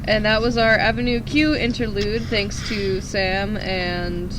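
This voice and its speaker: A woman's voice: mid-range voice, steady tone, unhurried, background noise. A woman guest on a casual podcast, making dry, wry jokes. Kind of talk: casual chat.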